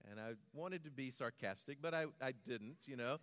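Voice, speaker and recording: A man with an American accent preaching a sermon, telling personal stories in a quiet manner and building to a rhythmic closing litany. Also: medium pitch, moderate pace, in a large hall. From United States.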